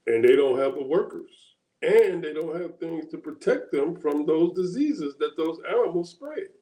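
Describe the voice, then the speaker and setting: A man with a mellow, darker voice co-hosts a casual political chat. He thinks aloud in a halting way, circling back and restarting his sentences, and the sound rings with room echo. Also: a little high, lively intonation. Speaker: co-host.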